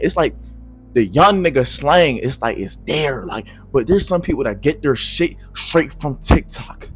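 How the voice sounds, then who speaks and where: Young man ranting with lively swings. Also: mid-range voice, normal speed, breathy edge, faint music behind. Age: young adult. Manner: loud, swearing, slangy, swinging between mutters and shouts. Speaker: vlogger. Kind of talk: profane advice rant to camera.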